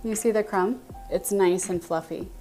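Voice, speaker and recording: A woman's voice: mid-range voice, moderate pace, mellow, soft background music. A woman with a Texan accent hosting a casual baking livestream, chatting and thinking aloud as she greets her viewers by name in her home kitchen.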